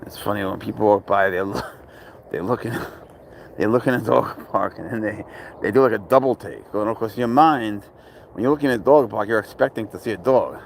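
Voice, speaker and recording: Easygoing man with a gravelly voice. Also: on the low side, a little fast, a little hiss or hum. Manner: easygoing, rambling, soft baby talk to his cat. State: tired from little sleep. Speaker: cat owner vlogger. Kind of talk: casual chat outdoors. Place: outdoor park with traffic nearby.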